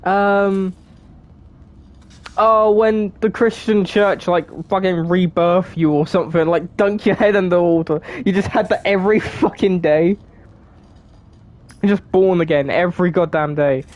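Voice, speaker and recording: A woman's voice: fairly low pitch, a little slow, darkish tone. A woman with a southern English accent, from England, chatting casually while streaming a game, sweary, giggly and rambling.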